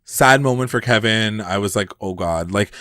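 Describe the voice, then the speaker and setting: Animated man recapping TV, dry-voiced. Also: on the low side, moderate pace, no room sound. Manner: animated, heavy on "like", swears freely. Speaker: podcast co-host. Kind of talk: casual TV recap chat.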